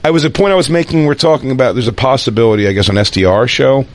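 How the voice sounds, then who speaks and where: A man with a mid-range voice co-hosting a podcast in casual chat. He rambles and thinks out loud, often restarting his sentences. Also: mid-range voice, racing. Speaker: podcast co-host.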